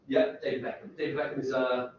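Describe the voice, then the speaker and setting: A man's voice: mid-range voice, little pitch movement, quick pace, background noise. Man lecturing in an echoey hall. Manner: rambling, self-interrupting, asks rhetorical questions. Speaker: university lecturer. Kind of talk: lecture with questions to students. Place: lecture room. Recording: echoey lecture hall from far off, dull sound.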